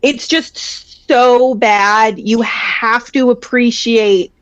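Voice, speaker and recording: A woman in casual podcast chat, talking in a halting way with many restarts. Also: on the high side, fairly even intonation, no echo, muffled recording.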